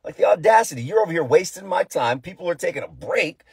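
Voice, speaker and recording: A man's voice: sits high, animated, fast, vocal fry, pitched above the performer's own voice. A man voicing an arrogant, dismissive Egyptian king who rants in slangy, exasperated outbursts. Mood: indignant.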